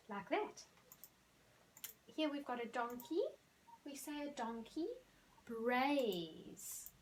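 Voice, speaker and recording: A woman, teaching young children animal sounds in a recorded lesson, speaking slowly and clearly and drawing out the sound words. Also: on the high side, lively intonation, a little hiss or hum. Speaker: primary school teacher.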